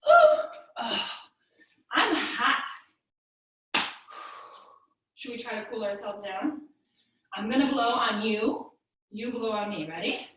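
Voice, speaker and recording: Woman kids-yoga teacher, high lively sing-song, slow and playful, echoey room with a far-off mic. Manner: sing-song, animated, storytelling for toddlers.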